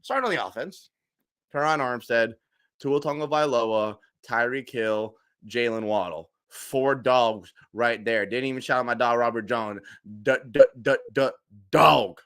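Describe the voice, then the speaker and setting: Young male fan streamer, twenties, bright tense voice, emotional swings, casual rant. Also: medium pitch, moderate pace, smooth. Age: 20s. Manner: emotional, swings from shouting to hushed murmurs.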